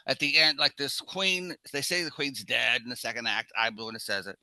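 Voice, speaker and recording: A man in his seventies, co-hosting a casual film podcast and telling animated anecdotes. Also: mid-range voice, a little fast, dry recording, low-quality recording. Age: 70s. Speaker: podcast co-host.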